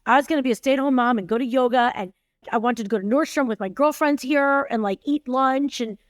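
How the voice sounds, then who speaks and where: A high-pitched woman speaking a little fast, she's a tech CEO in her forties, telling candid conversational stories on a podcast. She's emphatic and acts out quoted dialogue. The audio is dry and studio quality.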